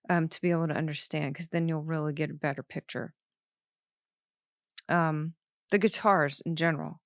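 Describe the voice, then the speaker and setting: A woman's voice: lowish voice, dry recording, clean studio sound. A woman hosting a show, giving casual, enthusiastic commentary on an album with lots of fillers. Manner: enthusiastic, chatty, many fillers. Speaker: podcast host.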